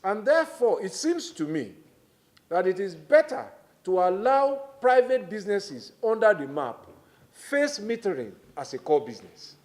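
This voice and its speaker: In formal testimony before a public hearing, a middle-aged minister with a Nigerian accent speaks in a high-pitched, sing-song voice with a darkish tone. He stresses his words with measured deliberation.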